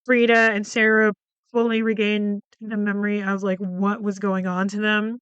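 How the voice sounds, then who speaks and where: A woman's voice: medium pitch, little pitch movement, normal speed, a bit bright, clear, resonant tone, no room sound, highs cut off. A woman hosting a podcast, recapping a film plot in a chatty, loose way with lots of fillers and some swearing. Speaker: podcast host reviewing a film.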